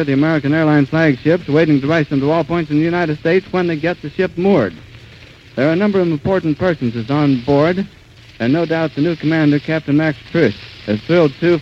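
High-voiced man on a 1930s live radio report. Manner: urgent, halting, with many restarts. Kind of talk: live eyewitness radio commentary. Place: outdoors at an airfield. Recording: dull 1930s radio recording with faint hiss.

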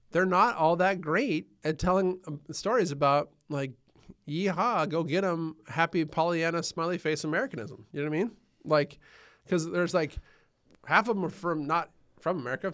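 Emphatic podcast co-host, male, a bit high-pitched, loves to repeat a point. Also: moderate pace, a bit bright. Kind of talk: casual chat.

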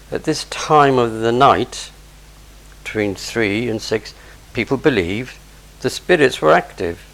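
A man's voice: on the low side, creaky, poor audio. A man preaching a sermon, explaining scripture verse by verse with conversational asides.

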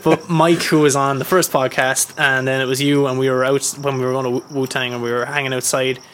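A man's voice: mid-range voice, brisk, slight background noise. A man hosting a podcast in casual chat, swearing a lot and acting out quoted lines as he talks. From Ireland. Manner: swearing, animated storytelling with put-on quotes. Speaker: podcast host.

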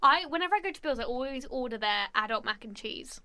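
A woman's voice: sits high, animated, quick pace, bright, forceful tone. A young woman from Dorset with a Dorset accent, co-hosting a casual student podcast and telling stories with strong R's. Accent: Dorset English. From Dorset, England. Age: young adult. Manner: chatty, storytelling, strong rolled R's. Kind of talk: casual chat.

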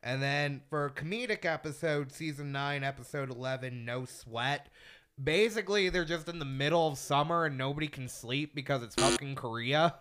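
Bright, clear-voiced man telling stories. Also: fairly high pitch, moderate pace. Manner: animated storyteller, swears freely. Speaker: podcast host. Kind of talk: casual podcast chat.

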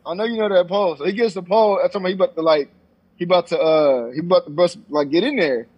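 A young man tells a story at a rapid clip in a husky voice, acting out what people said and swearing freely. His voice sits a bit high, and the recording is dull and lo-fi. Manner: animated storytelling, acts out quotes, swears freely. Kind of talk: casual chat. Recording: dull lo-fi sound.

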